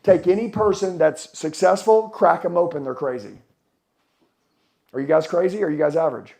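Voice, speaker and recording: A man's voice: on the high side, moderate pace, gravelly, darkish tone. A middle-aged man giving a blunt, profane motivational speech to a live audience at a conference, firing questions at the crowd. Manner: blunt, swearing, fired-up, asks the crowd questions. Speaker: motivational speaker.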